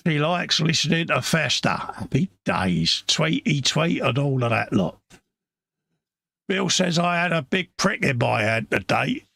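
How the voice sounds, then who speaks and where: A man's voice: on the high side, lively intonation, a little slow, creaky, pushed and bright, dry recording. A man with a London accent hosting a live stream, reading out chat messages and joking with viewers, calling everyone mate. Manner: jokey, matey, calls everyone mate. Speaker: livestream host reading chat.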